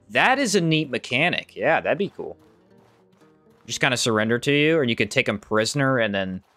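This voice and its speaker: This is a man's casual running commentary on a live game stream: he chats, reads out chat messages, and reacts to the play, his voice rising sharply when startled. His tone is fairly bright, and the recording is dry.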